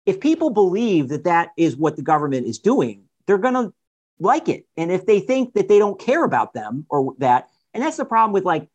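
A man speaking as a guest author in a political discussion, animated, firing off rhetorical questions and restarting sentences often. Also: sits high, moderate pace, dull audio.

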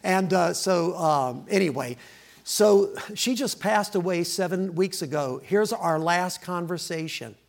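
Folksy gravelly preacher. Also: male voice, high voice, measured pace. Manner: folksy, joking, laughing between lines. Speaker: guest preacher. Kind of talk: sermon with joking opening remarks.

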